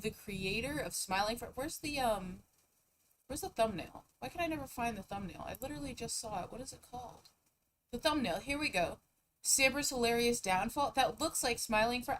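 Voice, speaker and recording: A young woman streamer rambling through casual chat. Her pitch sits in a middle range, and her talk swings from low mumbles to sudden loud bursts. A faint hiss of noise sits behind her voice. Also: low-quality recording.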